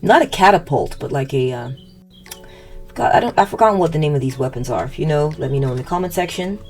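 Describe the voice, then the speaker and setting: A woman's voice: low-pitched, animated, fast, a little mellow, soft background music. A woman giving a casual tarot reading, rambling and hesitant, often acting out what people might have said. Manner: rambling, hesitant, restarts and fillers, acts out quotes. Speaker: tarot reader.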